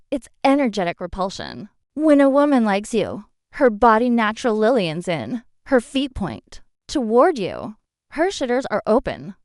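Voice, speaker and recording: A woman's voice: a little high, darkish tone, no echo, clean studio sound. A woman giving scripted narration, addressing the listener directly with blunt advice and rhetorical questions. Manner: direct second-person advice.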